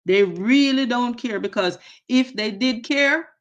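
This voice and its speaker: A woman's voice: a little high, measured pace, dull audio. A woman with a Jamaican accent hosting a casual live stream. She greets viewers by name with endearments and slips into patois phrases.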